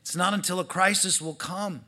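Male pastor, high bright voice, lively sermon delivery with acted-out quotes. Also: normal speed. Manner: animated, acts out quoted voices, swings from loud to hushed.

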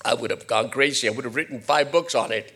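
A man preaching a sermon, moving between quiet, low asides and loud, high-pitched rhetorical questions. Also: fast, husky. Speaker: pastor.

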